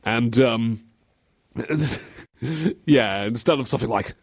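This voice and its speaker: A man's voice: mid-range voice, slow, dry recording, studio quality. A man co-hosting a radio show, chatting casually and laughing as he acts out quotes. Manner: animated and giggly, acting out quotes. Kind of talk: casual chat on air. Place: radio studio desk.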